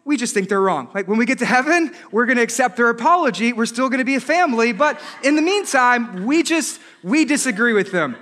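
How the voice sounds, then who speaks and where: A married man preaching a sermon as pastor, animated, with joking asides and rhetorical questions. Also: very high-pitched, fairly quick, hardly any pauses. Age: adult, married.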